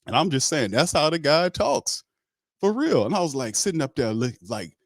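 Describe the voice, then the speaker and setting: A man's voice: on the high side, sing-song, moderate pace, dry recording. A man hosting a casual sports talk livestream, joking and talking in slang. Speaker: host.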